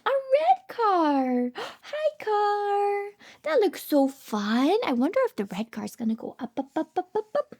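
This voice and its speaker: A woman speech therapist reading a picture book aloud to toddlers, animated and sing-song, with frequent gasps and hushed whispered asides. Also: extremely high pitch, a little slow.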